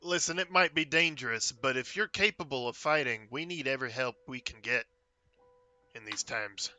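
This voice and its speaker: Man, tabletop player, casual joking, very bright tone, faint music. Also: mid-range voice, moderate pace, no room sound. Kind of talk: in-character tabletop play.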